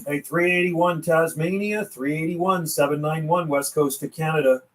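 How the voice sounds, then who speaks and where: A man running a CB radio livestream, calling out call signs in a steady rhythm between casual chat. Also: fairly high pitch, normal speed, rough recording. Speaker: CB radio operator and livestream host. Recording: radio static and hiss in the background.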